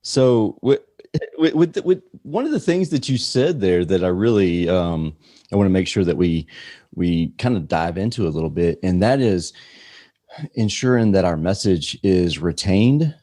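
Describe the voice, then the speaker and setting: A man hosting a podcast, asking questions in a casual, rambling way with halting restarts. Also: low voice, expressive, dark tone, dry recording, studio quality. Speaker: podcast host.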